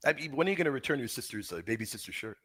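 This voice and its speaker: A man hosting a heated livestream debate, teasing his opponent and repeating words in quick bursts. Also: medium pitch, expressive, fairly bright tone. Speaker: debate host.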